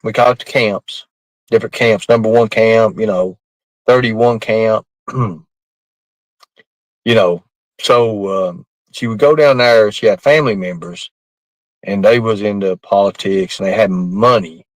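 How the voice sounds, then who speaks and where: A man's voice: lowish voice, unhurried, pauses often, dry recording, low-quality recording. A man telling a rambling story casually, laughing often and cursing freely. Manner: rambling, laughing through the tale, coarse language.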